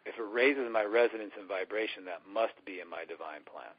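On the low side and a little fast, the man's voice is husky. The dull lo-fi radio recording captures him as an earnest spiritual teacher in a conversational interview, often performing the inner voices he describes.

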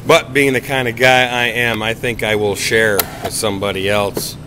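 Middle-aged man, jokey vlogger behind the camera, mid-pitched, noisy room. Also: level tone, normal speed. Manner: playful, mock-formal narration. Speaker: vlogger filming friends. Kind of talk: casual joking vlog commentary. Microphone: handheld camera. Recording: noisy handheld camera audio.

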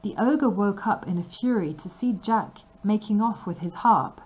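A woman narrating a fairy tale for language learners with clear, measured reading. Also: medium pitch, a little mellow, low-quality recording. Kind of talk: scripted storybook narration.

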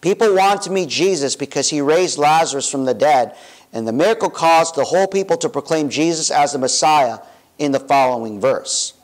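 A man's voice: a little high, moderate pace, poor audio. A young adult man preaching as pastor in a church, informal and chatty, with self-corrections and asides. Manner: directs volunteers in a playful way. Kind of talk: sermon. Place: church sanctuary.

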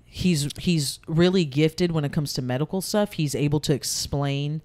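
A woman's voice: sits low, moderate pace, a little mellow. A woman in her thirties, a podcast guest, telling a personal story candidly in casual conversation, with many fillers. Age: 30s.

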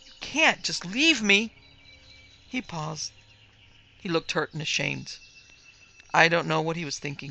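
Female horror narrator, vivid first-person reading, gravelly bright tone. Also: deep voice. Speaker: narrator and producer. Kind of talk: dramatic horror story narration.

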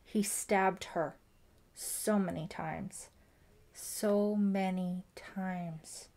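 A distraught middle-aged father in an audiobook, protective and grieving, as read by a woman narrator. He speaks emphatically and slowly, with a pained, pleading weight. His pitch sits mid-range. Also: fairly even intonation, mellow. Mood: anguished.

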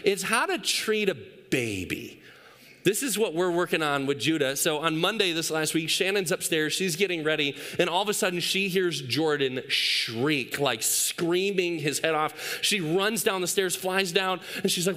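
A man's voice: on the high side, animated, moderate pace, bright, forceful tone. A man in his thirties, a pastor preaching a sermon on a church stage, telling stories about his young son with playful acted quotes.

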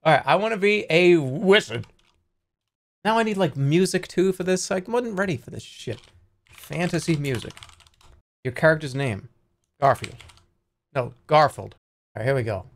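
A man streaming a text adventure game, excitable, swearing and laughing as he reads the story text aloud in a casual gaming livestream. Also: medium pitch, normal speed, pauses often, faint music behind.

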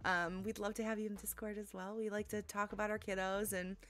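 A woman streamer chatting casually with her live audience, bubbly and giggly, thanking viewers warmly. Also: medium pitch, flat delivery, a little fast. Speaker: game streamer. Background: faint lo-fi music.

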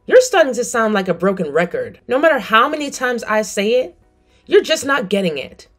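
Firm, lively-voiced woman narrator. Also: a little high, normal speed, faint music behind. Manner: cold, firm. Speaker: narrator and mother. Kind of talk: scripted story narration.

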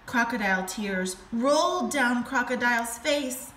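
A woman teacher reading a storybook aloud to her class, slow and expressive. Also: a little high. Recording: echoey room with faint noise.

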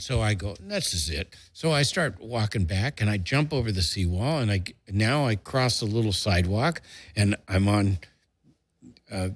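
A man's voice: fairly low pitch, husky, no room sound. An older man telling a family story casually, acting out what people said with a jump in his voice and a few curse words. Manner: lively storyteller who acts out quotes in a raised voice and swears freely. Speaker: storyteller guest. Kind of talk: casual anecdote told to a relative.

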